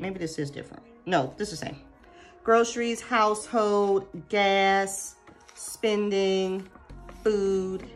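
A woman, chatting casually to camera about budgeting and calling her viewers y'all. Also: medium pitch. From United States. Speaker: budgeting vlogger.

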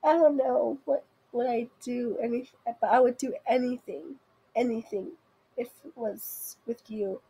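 A young woman reads text messages aloud to her viewers in a casual, rushed way. Her voice sits high and sounds mellow and soft-edged. It is very breathy throughout. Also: fairly even intonation, low-quality recording. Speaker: video host. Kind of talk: reading funny texts aloud.

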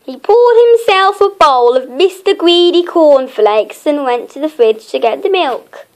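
A woman narrating her own homemade children's story in a gentle storytelling manner. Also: sits high, expressive. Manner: gentle, slow storytelling with small laughs.

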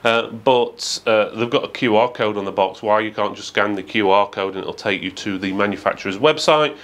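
A man's voice: on the low side, brisk, a bit bright. A man giving a methodical, matter-of-fact product review with frequent fillers. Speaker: tech reviewer.

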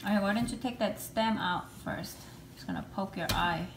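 A woman's voice: mid-range voice, normal speed. A mother in her thirties chatting casually with her young daughters at home, asking questions and guiding them. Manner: coaxing, questioning her child. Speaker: mother filming her kids. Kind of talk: casual family chat. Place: home room, indoors. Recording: echoey room with clear background noise.

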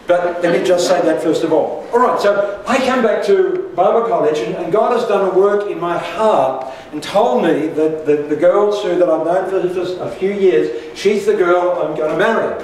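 An older pastor with a high, slightly mellow voice preaches at normal speed, barely pausing as he recounts a personal story laced with humour and asides. The recording, made from afar in an echoey church hall, carries a little hiss or hum.

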